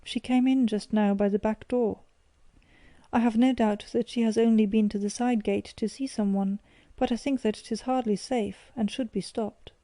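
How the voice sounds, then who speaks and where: A woman's voice: on the high side, steady tone, moderate pace, warm tone, no room sound, natural voice. A woman voicing an anxious, dutiful young woman who asks concerned, careful questions.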